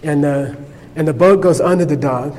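A man's voice: fairly high pitch, moderate pace, a little mellow, in a large hall. A man teaching a Buddhist class in a conversational way, checking in with his listeners with frequent "okay?". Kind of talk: informal class lecture.

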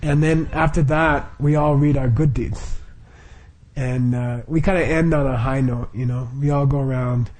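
A man's voice: mid-range voice, fairly even intonation, normal speed, darkish tone. A middle-aged man leading a Buddhist group, explaining the practice informally with frequent chuckles, fillers and restarts.

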